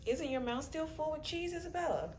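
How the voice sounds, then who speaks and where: A woman's voice: high voice, animated, brisk, noisy background. A young mother filming a casual home vlog, chatting to her toddler in a doting sing-song way and laughing often. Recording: music playing under the voice.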